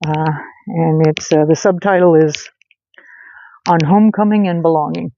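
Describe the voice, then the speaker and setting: Standing under a street light outside at night, a woman hosts a casual vlog, rambling along with plenty of fillers and restarts. Her voice is low and dark, moving at a normal speed. The audio sounds dull and lo-fi, with faint noise.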